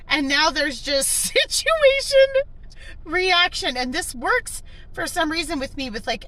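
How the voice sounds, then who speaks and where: A woman sits in her parked car and talks into her phone, laughing so hard she is close to tears. Her voice is high and bright, and her pitch swings widely as she giggles her way through the story. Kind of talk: casual storytelling to camera. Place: parked car in a grocery store lot.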